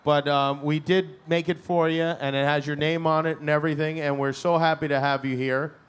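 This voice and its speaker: A man with a smooth, clear voice pitched a little high hosts an award presentation. He teases his co-presenter playfully between formal announcements. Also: flat delivery, a little fast. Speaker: event host.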